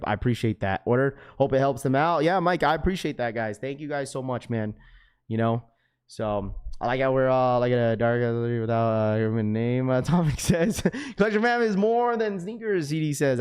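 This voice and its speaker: A man with a raspy voice hosting a sneaker livestream, chatting casually in slang and reading chat messages aloud. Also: mid-range voice, a little mellow. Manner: laid-back, slangy, full of fillers.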